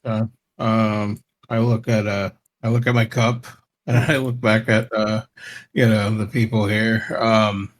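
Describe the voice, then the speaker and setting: A man playing a tabletop game, talking in halting, stammering bursts and laughing often. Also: on the low side, little pitch movement, slight background noise. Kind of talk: casual gaming banter.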